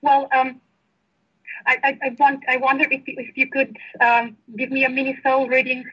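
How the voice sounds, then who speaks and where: A woman's voice: high voice, little pitch movement, normal speed, fairly bright tone. A woman calling in, speaking hesitantly and gratefully, repeating words as she asks for a reading. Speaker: caller. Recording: husky, muffled phone-in audio.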